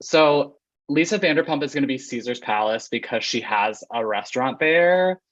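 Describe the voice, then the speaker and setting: A chatty, gossipy man talks as a podcast guest in a middle-pitched voice, laughing easily. His audio sounds muffled and dry, with no room around it. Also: expressive, moderate pace, a bit bright, no room sound. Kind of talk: casual chat.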